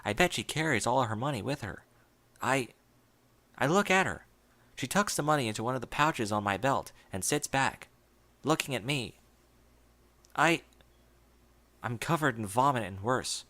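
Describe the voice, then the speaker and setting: Guy reading a story out loud, bright clear voice, really emotional and expressive. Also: medium pitch, moderate pace, long pauses. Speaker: audiobook reader. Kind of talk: reading fan fiction aloud, first-person narration.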